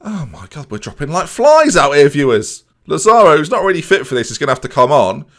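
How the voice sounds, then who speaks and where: A young man giving excitable, sarcastic running commentary as he plays a football management game and talks to his viewers. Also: on the high side, fairly quick. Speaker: gaming YouTuber.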